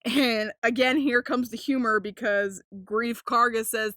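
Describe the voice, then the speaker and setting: A young woman hosting a casual podcast, rambling with lots of fillers, swearing freely and getting excited. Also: on the high side, a little slow, hardly any pauses, no echo, studio quality. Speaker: podcast host.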